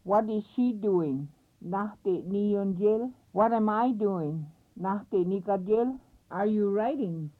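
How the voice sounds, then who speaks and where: A woman teaching a language, saying each word and phrase slowly and repeating it for learners. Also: medium pitch. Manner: slow, careful repetition of words and phrases. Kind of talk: recorded language lesson, word drills. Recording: tinny phone-like recording.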